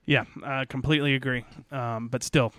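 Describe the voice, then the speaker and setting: A man's voice: mid-range voice, fairly even intonation, moderate pace, a bit bright, no echo. A man co-hosting a casual wrestling podcast, reacting with enthusiasm. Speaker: podcast co-host.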